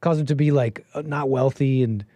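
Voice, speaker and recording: A man's voice: medium pitch, steady tone, normal speed, mellow, dry recording. A man hosting a livestream, talking in an opinionated, rambling way with lots of rhetorical questions. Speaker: livestream host. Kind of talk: casual commentary stream.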